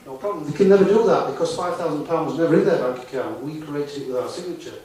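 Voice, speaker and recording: A man's voice: on the high side, fast talker, mellow. A man giving a talk to a conference audience in a conversational way, often putting rhetorical questions to the listeners. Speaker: conference speaker. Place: conference hall. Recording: echoey hall, distant mic, faint noise.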